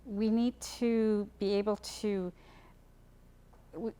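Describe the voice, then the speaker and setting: A woman candidate closing her remarks, halting, with many pauses and fillers. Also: medium pitch, little pitch movement, warm tone, clear, resonant tone. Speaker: election candidate.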